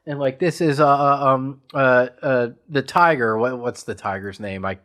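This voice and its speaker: A man from western Pennsylvania co-hosts a casual podcast chat and eagerly recaps a movie. He rambles along with plenty of "like" fillers, and his voice sits in an ordinary middle pitch. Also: moderate pace, a bit bright. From Pittsburgh area, USA. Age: adult parent. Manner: enthusiastic rambling storyteller with many "like" fillers. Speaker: podcast co-host.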